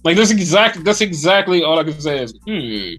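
A man's voice: on the high side, very animated, moderate pace, a bit bright, faint music behind. A man co-hosting a podcast, chatting casually and animatedly about wrestling, swearing often and acting out rants. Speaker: podcast co-host.

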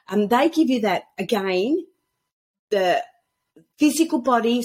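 A woman speaks as a guest on a casual podcast, telling stories with real animation. Her voice is a little husky, and her pitch swoops high and low as she acts out the quoted lines. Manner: animated storyteller acting out quoted dialogue. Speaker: guest author on intuition. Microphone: podcast microphone at a computer.

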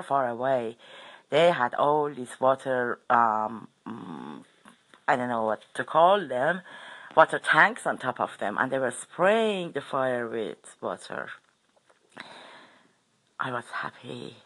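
A woman's voice: very deep voice, a bit bright. A woman telling a personal story in a casual way, hesitant, with fillers and self-corrections.

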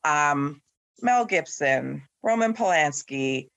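A man's voice: on the high side, slow, gravelly, no room sound. Opinionated sarcastic man, dry close sound. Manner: opinionated, sarcastic, animated storytelling. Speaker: podcast host. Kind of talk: casual chat among friends.

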